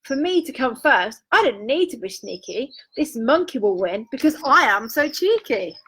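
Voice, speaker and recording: A woman's voice: a little high, sing-song, normal speed, fairly bright tone, slightly rough, full character voice, poor audio. A woman voicing a cheeky monkey in a children's storybook, bouncy and boastful.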